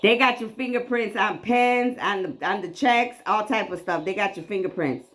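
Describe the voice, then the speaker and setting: A woman's voice: mid-range voice, moderate pace, fairly bright tone. A woman in her late forties giving an emphatic, repetitive spiritual tarot reading, preachy and casually profane. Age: 40s. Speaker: psychic reader.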